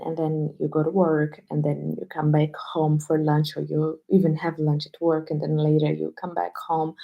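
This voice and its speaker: A woman teacher on a live stream, speaking low and hushed at home so she won't wake people sleeping nearby. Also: gravelly, rough recording.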